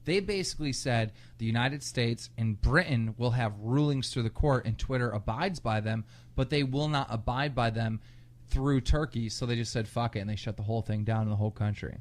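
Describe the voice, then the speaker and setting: A man co-hosting a casual podcast, a bit tipsy, loud and laughing, telling stories with crude language. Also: mid-range voice, brisk. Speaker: podcast co-host. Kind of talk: casual drunk podcast chat.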